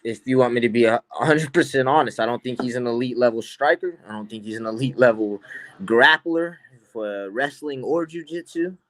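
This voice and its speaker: A brash man swaggers through casual podcast chat, trash-talking with lots of profanity. His voice sits at an ordinary middle pitch. The sound is dry and close, with almost no room around it. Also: normal speed, fairly bright tone, dry recording. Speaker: guest pro fighter.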